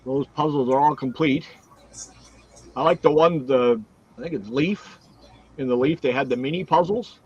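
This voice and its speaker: A man's voice: mid-range voice, normal speed, pauses often, slightly rough, dull audio. A man hosting a casual livestream card break, reading out cards and teams one after another. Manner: reads out cards and teams in a steady run.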